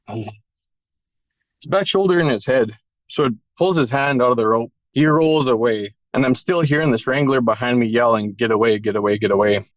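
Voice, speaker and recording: A man's voice: mid-range voice, dry recording, lo-fi sound. A man telling an emotional personal story in a candid, casual way, with the odd swear word. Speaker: podcast guest.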